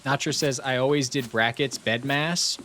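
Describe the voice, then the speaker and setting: A man's voice: medium pitch, fairly even intonation, moderate pace. Playful man on a noisy stream. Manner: playful, mock-serious banter. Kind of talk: casual live-stream chat with viewers.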